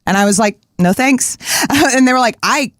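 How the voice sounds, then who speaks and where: A woman's voice: a little high, lively intonation, moderate pace, fairly bright tone, no echo, clean studio sound. A woman co-hosting a podcast in casual chat, candid and blunt, swearing now and then. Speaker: podcast co-host.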